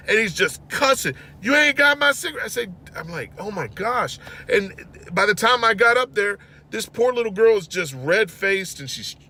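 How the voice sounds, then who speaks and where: Bright, animated man telling stories. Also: sits high. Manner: animated, exasperated storytelling with rising outbursts. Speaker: host. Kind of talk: storytelling monologue.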